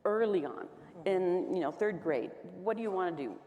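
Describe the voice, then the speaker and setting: A woman's voice: lowish voice, lively intonation, normal speed, phone-quality sound, a little hiss or hum. A woman governor speaking on a panel, telling stories in a chatty way with many fillers. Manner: chatty, storytelling with frequent fillers. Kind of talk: panel discussion. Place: conference stage. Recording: hall reverb.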